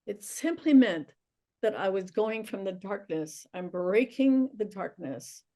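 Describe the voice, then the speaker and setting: An older woman, a guest, earnestly telling a personal faith story with soft, tearful pauses. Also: medium pitch, animated. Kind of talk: emotional personal testimony.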